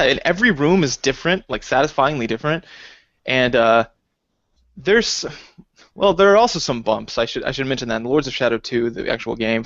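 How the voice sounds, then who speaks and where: A man co-hosting a casual podcast chat, talking lively and slipping into high, exaggerated quoted voices. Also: dry recording. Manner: animated, jumps into high acted quotes. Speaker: podcast co-host. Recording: dull dry lo-fi recording.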